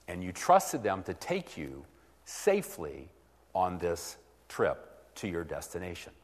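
A man's voice: low voice, wildly swooping pitch, takes it slowly, in a large hall. A man preaching a teaching sermon, acting out both sides of a conversation.

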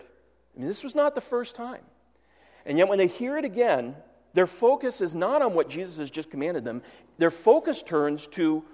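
A man preaching a sermon, earnest, voicing the disciples' fears aloud and dropping to a hush at key lines. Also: high-pitched, big pitch swings, normal speed. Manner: earnest, swings from loud to hushed. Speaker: pastor. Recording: long hall reverb.

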